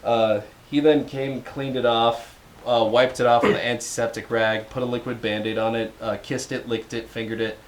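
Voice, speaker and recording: A man's voice: mid-range voice, flat delivery, normal speed. A young man co-hosting a podcast, telling a story in casual chat with profanity and frequent laughter. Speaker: podcast co-host.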